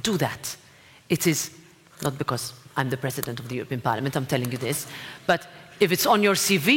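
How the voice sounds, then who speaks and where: A woman's voice: low-pitched, fairly bright tone, husky. Encouraging woman speaking in a reverberant hall. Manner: encouraging, direct, with asides to the audience. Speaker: president of a parliament, guest speaker. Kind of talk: speech and audience Q&A. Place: lecture hall.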